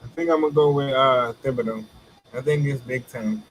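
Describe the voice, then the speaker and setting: A man's voice: mid-range voice, brisk, a little hiss or hum, rough recording. A man co-hosting a casual sports podcast, giving his picks in easy, slangy talk. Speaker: podcast co-host.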